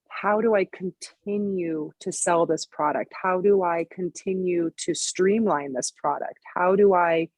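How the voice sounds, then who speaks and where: A woman in her thirties with a slightly low, dry, close-miked voice, telling her story as a podcast guest. She talks in a loose, chatty way, piling on "like" and "you know". She sounds like a coach describing her own business. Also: no room sound. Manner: chatty, lots of "like" and "you know", quick laughs. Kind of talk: casual podcast conversation.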